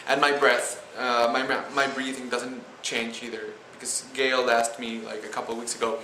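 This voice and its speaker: Halting young man with a Spanish accent. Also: mid-range voice, level tone, sharp tone. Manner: halting, many restarts and "like" fillers. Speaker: student vlogger. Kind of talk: casual vlog chat. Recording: roomy echo with faint noise.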